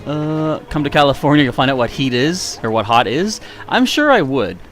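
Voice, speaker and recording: A man's voice: fairly high pitch, animated, moderate pace, fairly bright tone, soft background music. A man streaming a video game live, chatting casually with viewers in a self-mocking way, with a slightly nasal voice. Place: warm room indoors.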